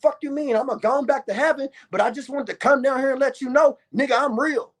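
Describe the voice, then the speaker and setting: A man's voice: very high voice, brisk, fairly bright tone. A man voicing a boastful male prophet come down from heaven, in a brash, swaggering way. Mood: insistent.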